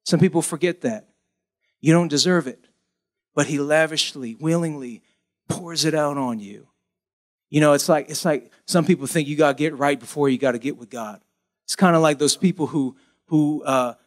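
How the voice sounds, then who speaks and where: A man preaching a sermon as pastor, animated, acting out pleading voices in a high whine. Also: normal speed.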